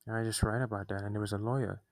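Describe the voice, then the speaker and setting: A man's voice: on the low side, fairly even intonation, rapid-fire, no room sound, rough recording. A young man telling a personal story, often restarting his sentences, agitated as he recounts what happened. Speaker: vlogger.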